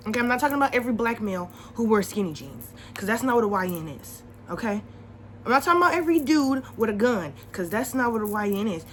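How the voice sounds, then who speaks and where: A young woman vlogging, chatting casually to the camera with advice, animated and repeating her points for emphasis. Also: on the high side, slight background noise, rough recording.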